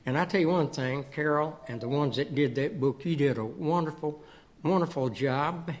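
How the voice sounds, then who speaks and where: A man's voice: on the high side, normal speed. A man giving folksy stories and a testimony to a church congregation as a guest speaker. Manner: folksy storytelling. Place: church sanctuary.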